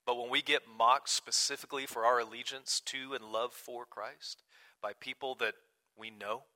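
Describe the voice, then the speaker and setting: A man preaching a sermon in an earnest way, swinging from loud emphasis to quiet, hushed asides. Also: medium pitch, steady tone, normal speed. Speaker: pastor.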